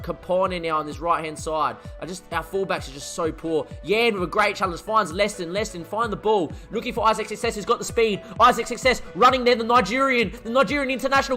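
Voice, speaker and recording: A man commentating his football video game as a streamer, muttering one moment and shouting the next. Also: high-pitched. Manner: excitable, swings from muttering to shouting. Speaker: gaming streamer.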